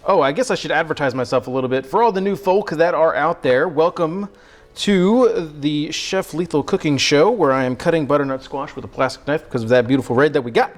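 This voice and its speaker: A man's voice: a little high, a little fast. A man hosting a cooking livestream, chatting casually and joking with his audience while he works. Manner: joking, rambling, self-deprecating banter with chat. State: out of breath from sawing. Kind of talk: casual live-stream chat while cooking. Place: home kitchen.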